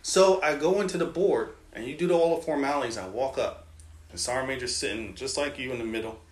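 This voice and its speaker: A man's voice of ordinary pitch spins army yarns in a relaxed, chatty way, slipping into the voices of the people in his stories. He sounds like he is in a room with plenty of echo. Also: a little fast. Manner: lively storyteller, quotes others in his tales. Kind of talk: casual storytelling. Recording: roomy echoing room.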